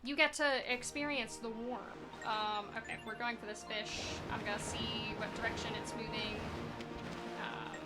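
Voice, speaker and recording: A woman's voice: on the high side, steady tone, normal speed, over loud music. A woman streaming a speedrun, chatting loosely and answering chat as she plays, self-deprecating and giggly. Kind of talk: casual live gameplay commentary.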